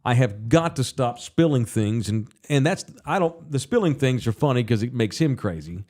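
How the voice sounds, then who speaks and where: A man, hosting a podcast in casual chat, loud and animated, swearing freely as he tells stories. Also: mid-range voice, normal speed. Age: 40s. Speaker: podcast host.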